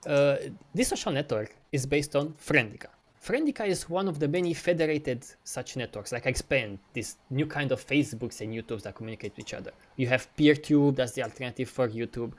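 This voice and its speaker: A man in casual chat who talks with animated swings and swears a lot, acting out dialogue as he demos software. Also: medium pitch, fairly quick, few pauses. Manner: animated and profane, mimics dialogue, laughs. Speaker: co-host. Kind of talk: casual chat, screen-share demo.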